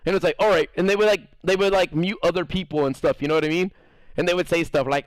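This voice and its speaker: A young man talks loosely to his stream viewers, rambling and putting on other people's lines as he tells his stories. His voice sits high for a man. The recording is close and dry, with no room sound. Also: quick pace, no echo, poor audio. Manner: rambling, animated storytelling, playful acted-out quotes. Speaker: game streamer. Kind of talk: casual live-stream chat.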